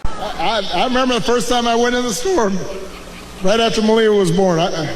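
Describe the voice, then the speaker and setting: A man chatting casually in front of an audience, halting and stammering and laughing between phrases. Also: high-pitched, crowd noise. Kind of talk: casual chat on stage. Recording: live audience and room noise.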